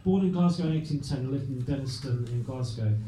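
Here the host has a mellow, mid-range voice and moves at a fairly quick clip, reading facts from his notes conversationally. The live-venue recording is roomy and far off, carrying faint background noise.

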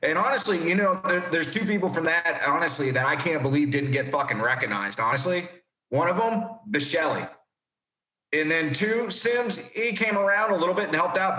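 Guy swearing a lot telling army stories, bright forceful voice, pretty echoey room. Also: fairly high pitch. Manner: profane, animated, acts out quotes loudly. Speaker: veteran guest telling war stories. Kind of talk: casual storytelling.

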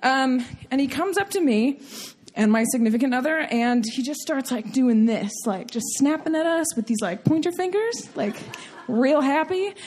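High-voiced woman telling a funny story. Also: moderate pace. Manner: animated, laughing through the story. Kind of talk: comic personal storytelling.

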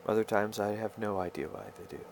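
A man talking straight to his viewers in a rambling personal monologue, halting and stammering as he searches for his words. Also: lowish voice, steady tone, creaky, a little hiss or hum.

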